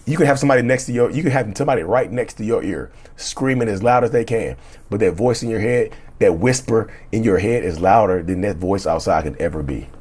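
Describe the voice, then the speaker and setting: Middle-aged guy, husky voice, talking straight to camera, blunt and repetitive, swears a bit. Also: lowish voice, lively intonation, a little fast, a little mellow. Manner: emphatic, repetitive, blunt with cussing. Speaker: relationship coach. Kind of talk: casual motivational talk.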